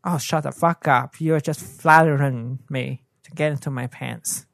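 Halting podcast co-host. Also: medium pitch, fairly even intonation, vocal fry, a bit bright, no echo, studio quality. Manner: halting, searches for words. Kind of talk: casual chat.

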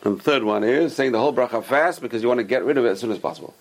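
A man's voice: medium pitch, rapid-fire. A man teaching an informal Torah class, explaining Hebrew sources and giving emphatic warnings.

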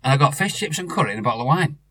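A man's voice: mid-range voice, expressive, very fast, a loud crowd. A middle-aged man, telling a rambling story in casual chat, with many restarts. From North West England.

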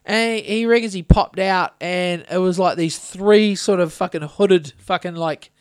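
A man with a fairly high voice rambles through a tale on a casual podcast, swearing freely. He sounds close and dry, with no room around him. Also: measured pace, clear, resonant tone, dry recording. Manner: rambling, swearing anecdotal storyteller. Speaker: podcast host.

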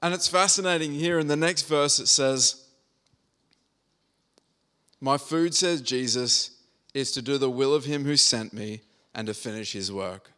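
A man's voice: medium pitch, a little slow, long pauses, bright, forceful tone. Male preacher, mid-range voice, conversational sermon with jokes. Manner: conversational, humorous storytelling with scripture reading.

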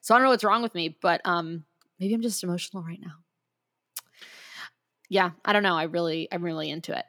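A woman's voice: fairly low pitch, a little fast, long pauses, fairly bright tone. Chatty woman podcast co-host. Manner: enthusiastic, talks in long run-on thoughts. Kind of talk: casual chat.

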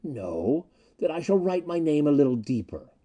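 A man reading aloud and voicing a cruel male villain who taunts in a cold, hushed way. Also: on the high side, very animated, moderate pace, voice pushed up. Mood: cold taunting. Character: cruel male space villain, mocking torturer.

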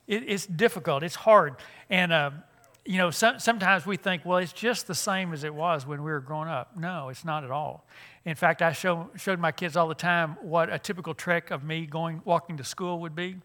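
Bright-voiced older man, folksy. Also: a little high, moderate pace. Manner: folksy, joking, frequent restarts. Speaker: church conference speaker. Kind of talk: humorous seminar talk.

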